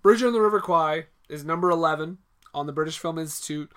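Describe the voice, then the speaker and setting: Young guy on a movie podcast, plain slightly high voice, rattles off film trivia. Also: quick pace, a bit bright, clean tone. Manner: matter-of-fact, lists facts with fillers. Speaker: podcast co-host. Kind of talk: casual film discussion podcast.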